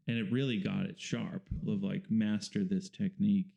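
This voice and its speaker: A man, a painter and the guest, talking casually in an interview and explaining things in a relaxed, rambling way with fillers. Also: on the low side, normal speed, vocal fry, muffled recording.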